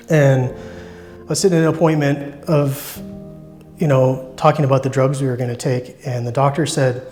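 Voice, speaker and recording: A man sharing a personal faith testimony in an earnest, reflective way, pausing and restarting as he speaks. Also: mid-range voice, darkish tone. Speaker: church member sharing testimony.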